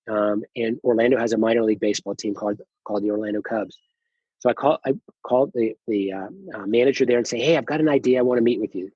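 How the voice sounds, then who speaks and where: A middle-aged man, a company founder, telling his story as a podcast guest, animated, acting out quoted dialogue, with many fillers and restarts. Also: medium pitch, breathy edge, dry recording, dull audio. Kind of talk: casual storytelling interview.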